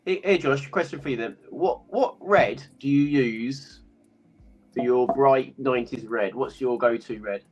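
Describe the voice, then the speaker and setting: A man's voice: medium pitch, a little slow, darkish tone, husky, highs cut off. A man co-hosting a casual chat, teasing and laughing often.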